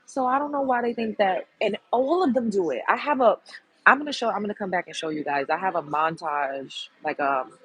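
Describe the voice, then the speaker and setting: A woman's voice: medium pitch, fairly quick, breathy edge, rough recording. A woman hosting a livestream, giving a blunt, heated and profane commentary rant to her viewers. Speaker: livestream host.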